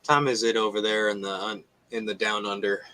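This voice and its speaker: A man's voice: on the low side, little pitch movement, a little fast, sharp tone, slight background noise, low-quality recording. A man, talking loosely in a casual chat. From United States. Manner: laid-back, lots of "like" fillers.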